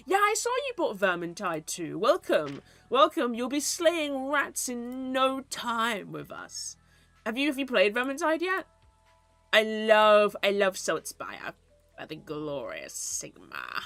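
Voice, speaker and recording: Bright, lively high-pitched woman streamer. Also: takes it slowly, faint music behind. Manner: playful, teasing, swears, slips into mock-archaic theatrics. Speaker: livestreamer. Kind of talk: casual livestream chat with viewers.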